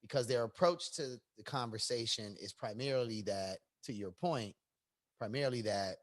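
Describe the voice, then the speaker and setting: A man from Chicago co-hosting a podcast, talking casually and profanely, getting heated and loud as he makes his points. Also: medium pitch, moderate pace. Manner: animated, profane, rising to near-shouts when riled up. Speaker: podcast co-host. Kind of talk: casual chat.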